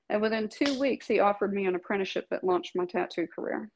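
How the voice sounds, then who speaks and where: A woman's voice: mid-range voice, fairly even intonation, a little fast, few pauses, a little mellow, rough recording. A middle-aged woman, a tattoo artist, telling her life story candidly in an interview, emphatic and laughing often, swearing casually.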